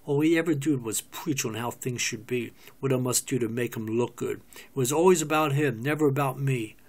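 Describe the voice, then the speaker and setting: A man's voice: mid-range voice, normal speed, natural voice. Joyce, a man reading a desperate, bitter woman. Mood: bitter outburst. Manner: anguished, outbursts of raw anger. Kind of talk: play reading.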